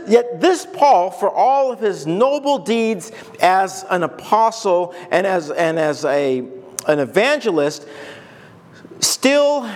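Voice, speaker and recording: A man delivers a casual, conversational sermon, his fairly high voice leaping up and down as he acts out other voices and laughs along. The sound carries a long reverb, as if in a large hall. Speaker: pastor.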